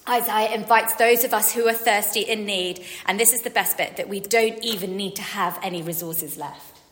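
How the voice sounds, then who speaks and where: A woman's voice: on the high side, bright, forceful tone. A woman in her forties giving a chatty, self-deprecating sermon, acting out quotes. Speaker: preacher. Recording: hall reverb.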